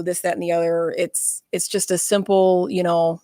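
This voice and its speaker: A woman's voice: fairly low pitch, little pitch movement, normal speed, mellow, no echo. A woman guest speaking frankly and bluntly in a casual interview chat, with self-mocking humor, in a small studio.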